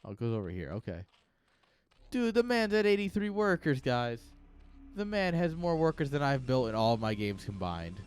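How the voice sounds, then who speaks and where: A man casting a live game match in a casual, excitable, joking way. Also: mid-range voice, normal speed, clean tone. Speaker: esports caster.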